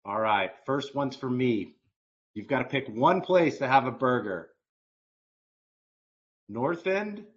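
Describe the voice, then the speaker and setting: A man's voice: mid-range voice, animated, slow pace, long pauses, muffled recording. A man hosting a casual interview, steering the guest with upbeat questions. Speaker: interview host.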